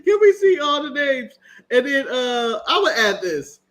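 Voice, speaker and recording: A man's voice: very high voice, sing-song, measured pace, fairly bright tone. An American man co-hosting a casual wrestling review chat, joking, laughing often and swearing freely. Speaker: podcast co-host.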